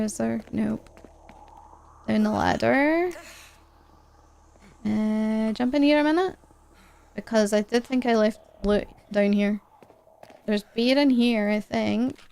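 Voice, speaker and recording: A woman's voice: fairly high pitch, vocal fry, a little mellow, clean tone. A woman streaming a game live, chatting to herself as she plays and laughing often.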